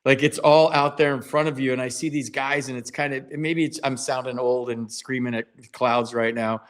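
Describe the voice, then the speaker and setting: A man in his fifties hosting a casual sports podcast, an animated storyteller who acts out the people he quotes. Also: medium pitch, moderate pace. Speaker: podcast host, former player.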